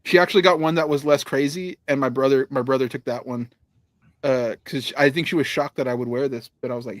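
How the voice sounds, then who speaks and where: A man's voice: mid-range voice, steady tone, fast, no echo. A man hosting a podcast, telling rambling stories in casual chat, laughing often and swearing freely. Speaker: podcast host.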